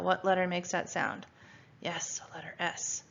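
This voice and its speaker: A woman teacher walks young children through a phonics spelling lesson and sounds out each letter with patience. Her voice has a gravelly edge and she speaks at an unhurried pace. The recording is dull and lo-fi. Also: on the low side, flat delivery, a bit bright. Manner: sounds out letters slowly and patiently, asks questions. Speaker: first grade teacher.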